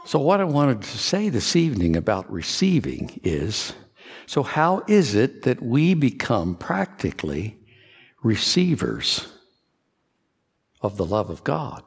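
A man from Kentucky preaching a sermon, telling a personal story in an earnest, confessional way with soft asides. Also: mid-range voice, sing-song, slow pace, breathy edge, big-room sound. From Kentucky, USA.

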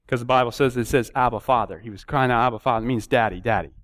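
A man preaching a sermon, telling stories and acting out prayers and dialogue with sudden rises in pitch. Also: fast talker, fairly bright tone.

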